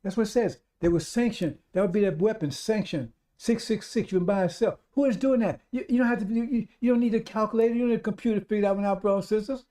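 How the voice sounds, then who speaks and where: A man's voice: high voice, quick pace, few pauses, dark tone. A man preaching a radio sermon, repeating himself emphatically and calling out to his brothers and sisters. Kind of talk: live-streamed radio sermon.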